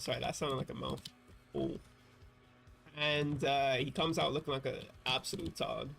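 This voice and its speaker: A man's voice: medium pitch, fairly even intonation, measured pace, gravelly, fairly bright tone, soft background music. A man chatting casually while playing a video game on a livestream, rambling and correcting himself with wry asides. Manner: rambling, self-interrupting, wry. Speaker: streamer.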